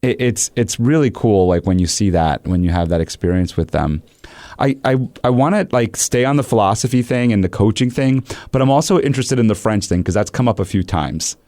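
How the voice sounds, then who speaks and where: A man's voice: lowish voice, fairly quick, dry recording. A man hosting a conversational interview, a coach who tells stories animatedly and acts out quotes. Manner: animated storytelling with acted-out quotes. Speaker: podcast host and coach.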